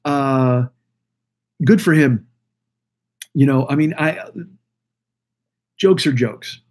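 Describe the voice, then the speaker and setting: A man's voice: medium pitch, takes it slowly, darkish tone. A man in his forties rambling through a profane solo podcast rant, full of restarts and asides. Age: 40s. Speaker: podcast host. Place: Los Angeles.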